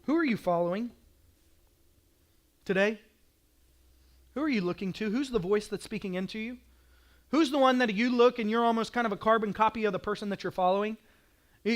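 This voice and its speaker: A male pastor with an Oklahoman accent preaching a sermon, telling stories with animation and acting out scenes, sometimes rising to a shout. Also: extremely high pitch.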